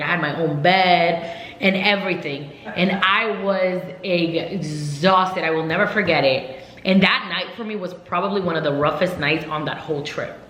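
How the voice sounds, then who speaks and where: A young woman vlogger telling a travel story in a casual storytime chat. She rambles, leans on lots of fillers and retells events in a lively way. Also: on the low side. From United States. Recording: roomy echo.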